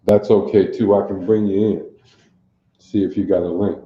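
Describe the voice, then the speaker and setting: A man's voice: low-pitched, fairly even intonation, moderate pace, mellow, roomy sound, highs cut off. A man from teaching a livestreamed Bible class, quizzing his listeners and repeating phrases over and over to drill them. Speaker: religious teacher.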